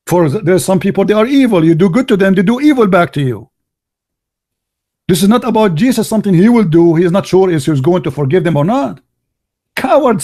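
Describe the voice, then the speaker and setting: Male debate host, high-pitched, combative and interrupting, voice going hoarse. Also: dark tone, no echo, studio quality. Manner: combative, interrupting, repeats phrases and insults. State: losing his voice. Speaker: host of a live call-in debate stream. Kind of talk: heated live debate with a caller.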